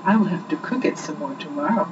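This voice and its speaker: A woman voicing a clever young man in a folk tale, a little lower than her own voice. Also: fast, close to an everyday voice. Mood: sly. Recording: muffled distant recording with loud background hiss.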